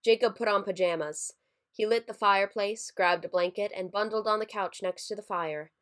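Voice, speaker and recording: A woman narrating a scripted horror story in a measured, somber way. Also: mid-range voice, a bit bright. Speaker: story reader.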